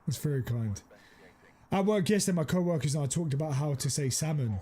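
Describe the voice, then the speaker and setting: A man streaming a game, chatting casually and teasing his viewers, quick to exclaim. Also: on the high side. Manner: excitable, teasing, exclaims often. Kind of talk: casual live-stream chat.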